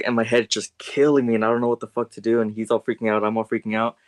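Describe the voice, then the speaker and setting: A young man with a fairly low voice tells a story on a casual podcast. He rambles along with plenty of fillers and jumps higher and louder whenever he acts out what other people said. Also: quick pace. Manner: rambling, animated when quoting people. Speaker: podcast co-host.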